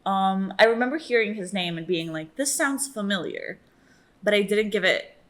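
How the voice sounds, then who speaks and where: A young woman hosting a reaction video, chatting casually and gushing excitedly at the screen. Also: mid-range voice, moderate pace.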